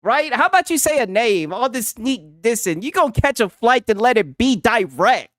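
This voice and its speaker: A man's voice: very high voice, very animated, moderate pace, a bit bright, no echo. Mocking, profane man with a dry sound. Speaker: streamer reacting to a clip. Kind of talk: casual reaction commentary.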